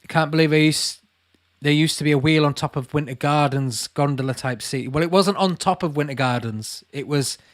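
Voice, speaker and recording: A Lancashire man in his late thirties hosts a livestream, casually reading out viewer comments and calling people mate. His voice is fairly high and fairly quick.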